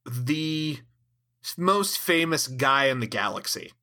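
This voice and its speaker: Exasperated, bright-voiced sarcastic man. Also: mid-range voice, animated, slow. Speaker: podcast co-host. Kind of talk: casual critique chat.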